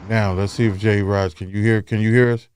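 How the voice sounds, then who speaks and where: A man's voice: on the low side, little pitch movement, brisk, darkish tone, a little hiss or hum. A man hosting a casual podcast, laid-back and slangy, joking his way through a technical hitch. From Cincinnati. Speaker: podcast host.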